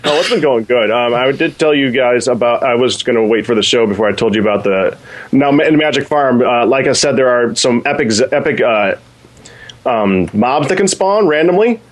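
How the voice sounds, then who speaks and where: A man on a podcast telling a rambling, excited story about a game, with many restarts. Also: medium pitch, moderate pace. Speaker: podcast co-host. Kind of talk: casual storytelling.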